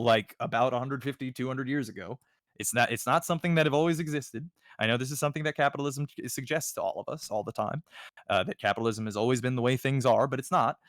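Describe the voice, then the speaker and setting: A man's voice: medium pitch, no room sound, clean studio sound. A man co-hosting a livestream, talking politics in a rambling, emphatic way with many restarts. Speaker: streamer co-host. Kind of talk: casual political chat.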